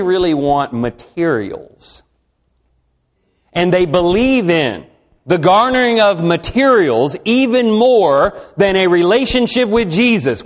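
A man preaching a sermon to a congregation in a conversational way, asking them questions and swinging from quiet, slow lines to emphatic ones. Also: high voice.

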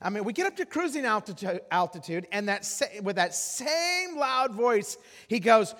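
Guest preacher, male, high voice, animated storyteller, big church reverb. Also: normal speed, hardly any pauses. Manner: animated, acts out loud voices in anecdotes, frequent restarts. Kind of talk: sermon storytelling. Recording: long hall reverb.

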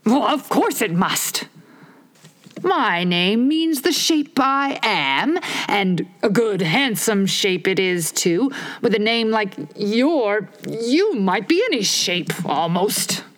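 A woman reading a storybook aloud, putting on a higher, slow, pompous voice for a touchy male egg perched on a wall. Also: animated, a bit bright. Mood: haughty. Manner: pompous, slow, drawn-out emphatic phrasing.

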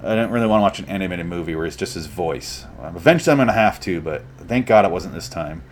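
A man's voice: sits low, animated, fast talker, soft background music. Sarcastic profane young man reviewing a movie. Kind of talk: comedic movie review rant.

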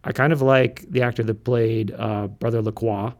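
A man's voice: mid-range voice, fairly even intonation, normal speed, a little mellow. A man co-hosting a podcast, chatting casually, asking questions with dry teasing. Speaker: podcast co-host. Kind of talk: casual chat.

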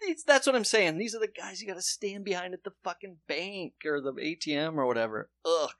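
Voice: mid-range voice, animated, brisk, fairly bright tone, no echo, studio quality. A podcast co-host reacting to a comedy sketch with profane, exasperated commentary.

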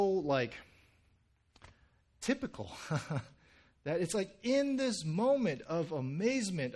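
A male pastor giving a sermon in a loose, conversational way, full of fillers and restarts, and now and then acting out quotes with a sudden burst of energy. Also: a little high.

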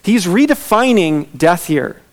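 A man preaching an expository sermon, earnest, slowing down and softening as he reads scripture aloud. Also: sits high, very animated. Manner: earnest, slows down and softens when reading scripture. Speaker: pastor.

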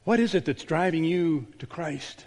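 A man, a pastor, delivering a sermon with a storytelling manner, dropping to a hushed voice on key words. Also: a little high, moderate pace. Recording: long church reverb.

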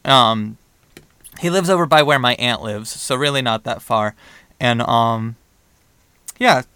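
A young man co-hosting a podcast, telling a story in a casual, animated way and acting out the dialogue. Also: mid-range voice, measured pace, clean tone, dry recording. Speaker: podcast co-host.

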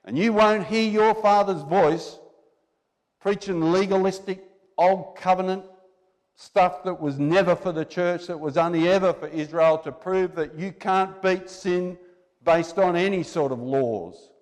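Speaking at a measured pace in a high, slightly mellow voice, a man preaches in a church hall whose long reverb fills the recording. He keeps things conversational, urging listeners on and asking them rhetorical questions.

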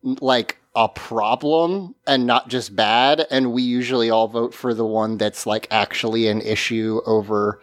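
A man's voice: medium pitch, steady tone, unhurried, few pauses, dry recording. A man hosting a casual podcast, talking in a rambling, hesitant way with many restarts. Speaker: podcast host.

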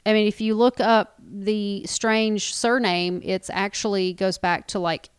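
A woman co-hosts a podcast in loose, excitable chat and swears casually. Her voice is smooth and clear. It's recorded close on a mic in a dry room. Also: mid-range voice, unhurried, no room sound. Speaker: podcast co-host.

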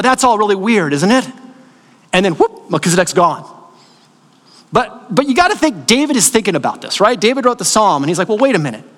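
A man's voice: high-pitched, a bit bright. A man preaching a sermon as pastor, talking conversationally, checking in with listeners and acting out stories. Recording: long reverb of a large hall.

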